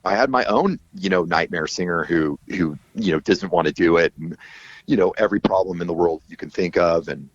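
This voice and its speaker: A middle-aged man, a guest musician, telling stories in a casual, animated, profane way. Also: deep voice, a little fast, no echo. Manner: animated, profane, acts out quoted voices. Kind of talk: casual storytelling interview. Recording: dull lo-fi audio.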